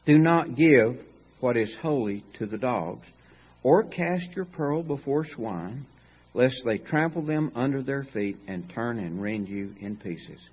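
A man preaching a sermon in a folksy, animated way, repeating phrases for emphasis. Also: mid-range voice, a little slow, breathy edge, muffled recording.

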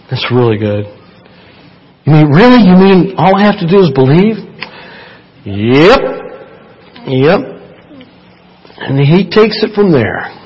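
A man's voice: medium pitch, husky, lo-fi sound. A man preaching a sermon in a church, chatty and playful, joking with the congregation. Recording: church hall reverb.

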